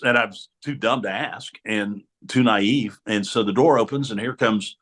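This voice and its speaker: A man's voice: lowish voice, moderate pace, fairly bright tone. A middle-aged man, a sportscaster guest in a radio studio interview, tells stories with energy and acts out the voices of other people. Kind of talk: storytelling interview talk.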